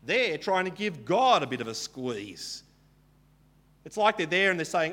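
A man's voice: on the high side, very animated, a little slow, pushed and bright. A man preaching a Bible teaching sermon, retelling the story casually and asking rhetorical questions.

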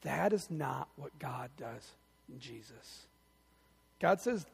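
A male pastor preaching a sermon in a church, telling animated stories and delivering lines with emphasis. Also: medium pitch, slow, gravelly, pauses often, slightly rough, long reverb tail. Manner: animated storytelling, emphatic, acts out quotes.

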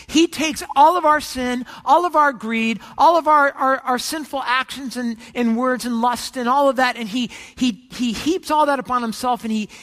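In a big-sounding room, a pastor preaches a sermon full of Bible stories and a joke, told conversationally with joking asides and frequent restarts. His voice is very high, bright and forceful.

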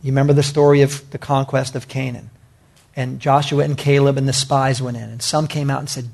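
A man's voice: mid-range voice, flat delivery, brisk, vocal fry, a little mellow. A man preaching a sermon, emphatic and repetitive, talking directly to his congregation. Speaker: pastor.

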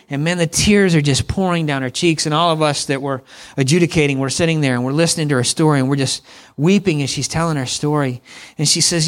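A middle-aged man delivers a sermon in a conversational way. His voice sits a little high, and he keeps calling on the congregation to repeat lines back to him. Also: animated, brisk. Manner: conversational preaching with congregation call-and-response. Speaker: pastor.

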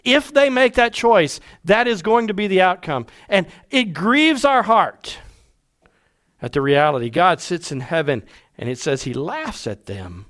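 A male pastor delivers a sermon in a high, expressive voice. He acts out quoted speech and sometimes drops to a near-whisper for emphasis. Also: a little slow. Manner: animated preaching, acting out quoted voices, dropping to hushed tones.

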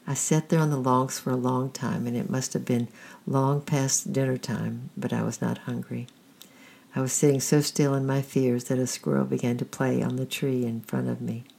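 A storyteller reading a first-person storybook in a quiet, steady way with a creaky, husky voice. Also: medium pitch.

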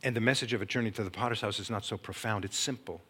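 Bright-voiced man preaching a dramatic testimony. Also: on the low side, racing, slightly rough. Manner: dramatic storytelling, swinging from hushed to loud and urgent. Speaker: Christian speaker and former teacher. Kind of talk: testimony sermon.

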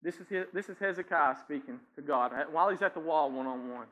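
A man preaches in a church, in a conversational style, checking in with "right?" and chuckling between points. His voice sits a little high for a man. The recording sounds dull and lo-fi. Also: a little fast, hardly any pauses. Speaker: pastor. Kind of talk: sermon. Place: church sanctuary.

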